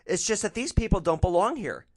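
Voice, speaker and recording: A man voicing an indignant, bigoted upper-middle-class woman passenger who rants in a high voice. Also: big pitch swings, brisk. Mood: ranting. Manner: shrill, indignant, ranting.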